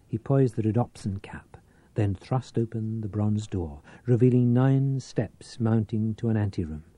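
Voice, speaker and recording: A man reading a novel aloud as an audiobook narrator, with a measured, theatrical delivery. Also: on the low side, dark tone, dry recording.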